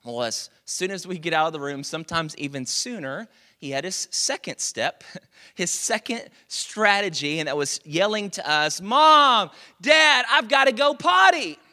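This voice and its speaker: Man preaching, high bright voice, joking conversational sermon. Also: moderate pace. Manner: conversational and joking, with rhetorical questions to the congregation. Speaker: pastor.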